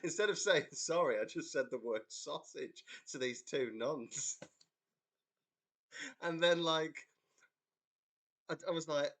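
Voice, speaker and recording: Chatting on a livestream over a computer microphone, this young English band member tells a meandering story full of laughter and stops to read comments from viewers. His voice is on the high side with a fairly bright tone, and he talks a little slowly with long pauses.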